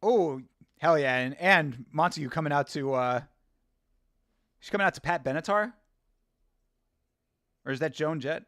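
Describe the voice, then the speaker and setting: A man's voice: a little high, moderate pace, pauses often, fairly bright tone, no echo, studio quality. A man hosting a live watch-along stream, chatting casually, rambling and laughing as he reads from chat.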